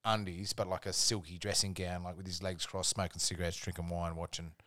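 An Australian man with a fairly low voice tells rambling work stories as a podcast guest. His talk is relaxed and full of swearing. The sound is dry and close, with no room to it. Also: brisk, dry recording. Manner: laid-back, sweary, rambling anecdotes. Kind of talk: casual storytelling chat.

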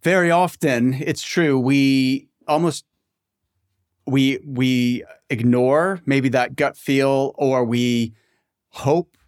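A man's voice: mid-range voice, drawn-out words, clear, resonant tone, no room sound, clean studio sound. A man hosting a podcast interview, thinking aloud with frequent restarts. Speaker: podcast host. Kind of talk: conversational interview.

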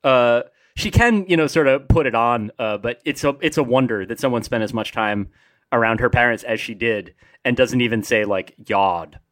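A man's voice: mid-range voice, normal speed, a bit bright, no room sound. A middle-aged man from New Jersey co-hosting a podcast, rambling with lots of "like" and self-deprecating humor. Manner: rambling, self-deprecating, many filler likes. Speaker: podcast co-host. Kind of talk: casual chat.

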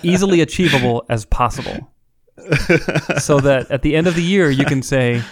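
A man's voice: mid-range voice, moderate pace, no echo. A man in his late thirties co-hosting a podcast, chatting casually and telling stories with playful asides and frequent laughs. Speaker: podcast co-host. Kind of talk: casual chat.

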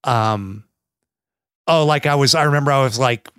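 A man's voice: mid-range voice, moderate pace, a bit bright, clean tone, dry recording. Man, american, podcast co-host, casual rambling chat, profane, playful, dry sound. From United States. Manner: rambling, profane, playful, drops into mock accents.

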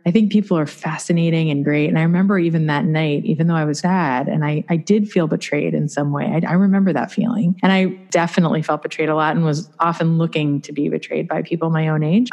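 Brief: middle-aged woman podcaster from New York, deep voice, chatty storyteller. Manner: chatty, expressive, acts out quoted voices. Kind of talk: personal storytelling monologue.

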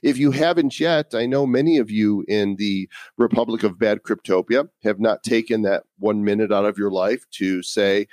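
A man's voice: fairly low pitch, moderate pace, darkish tone, no room sound, clean studio sound. A man hosting a podcast in casual chat, joking and laughing often between points. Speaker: podcast host.

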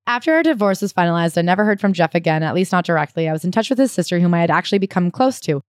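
A woman co-hosting a podcast, chatting casually as she retells a memoir with animated asides. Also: on the low side, very fast, no room sound, studio quality. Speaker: podcast co-host.

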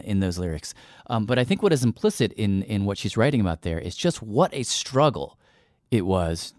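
A man hosts a radio show in a fairly low voice, thinking aloud with little fillers and restarts. The sound is dry and close to the mic, with no room around it. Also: no echo. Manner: warm, halting with fillers and restarts. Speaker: host. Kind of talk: radio show hosting, conversational.

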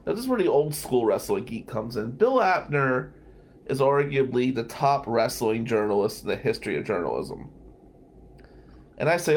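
A lawyer who hosts a radio talk show tells a story as a monologue in a mid-range, sing-song voice at a moderate pace. His delivery is loose and joking, with frequent laughter and swearing.

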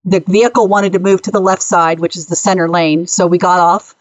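A woman's voice: on the low side, steady tone, no room sound, highs cut off. Chatty woman co-host, dry sound. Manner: chatty, quick back-and-forth agreement. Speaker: podcast co-host. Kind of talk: casual chat.

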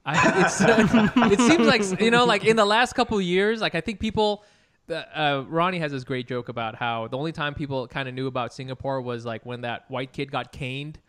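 A man co-hosting a podcast, chatting in a relaxed, joking way. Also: fairly high pitch, normal speed. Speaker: podcast co-host. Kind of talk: casual chat.

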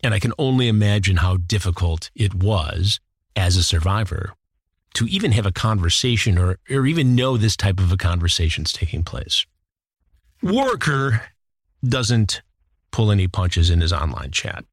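A man's voice: on the low side, sing-song, moderate pace, breathy edge, dry recording, clean studio sound. A man hosting a commentary show, retelling a case in an indignant, worked-up way. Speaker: host. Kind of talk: commentary podcast.

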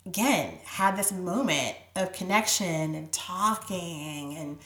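A woman with a lowish voice tells a heartfelt personal story. Her speech is full of "like" and drops to a soft near-whisper when she is moved. She is recorded in an echoey room. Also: lively intonation, slow. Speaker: guest.

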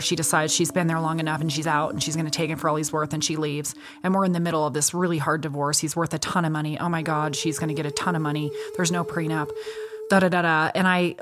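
A middle-aged woman attorney spins blunt, animated stories from her cases. Her voice sits a little low, and she swears freely while acting out everyone she quotes. Music plays clearly underneath. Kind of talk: storytelling in a podcast interview.

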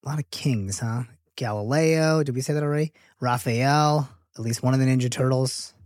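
A man appearing as a comedian guest on a podcast, chatting casually with quick, wry asides from home. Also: mid-range voice, darkish tone, dry recording, studio quality. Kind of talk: casual chat.

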